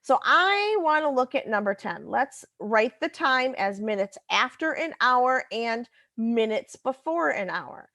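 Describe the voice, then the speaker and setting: A woman's voice: on the high side, very animated, measured pace, hardly any pauses, pushed and bright, dry recording, studio quality. A woman teacher talking through a recorded math lesson, patiently explaining step by step and correcting herself as she goes.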